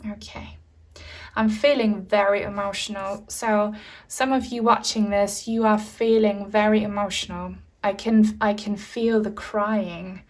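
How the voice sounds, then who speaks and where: A woman giving a pick-a-card tarot reading to her viewers, speaking gently and reassuringly, with frequent fillers. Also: medium pitch, steady tone, takes it slowly. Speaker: tarot reader.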